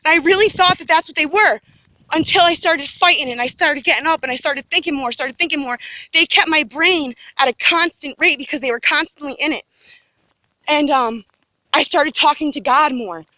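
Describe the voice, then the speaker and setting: High, bright-voiced woman rambling earnestly. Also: moderate pace, no room sound, poor audio. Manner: rambling, repetitive, with many fillers and restarts; earnest and insistent. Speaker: person giving a personal testimony. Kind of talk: rambling first-person account to camera.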